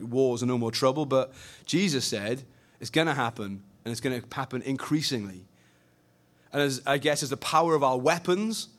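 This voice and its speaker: A young man preaching a sermon, animated and conversational, swinging between loud emphasis and quiet earnestness. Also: medium pitch.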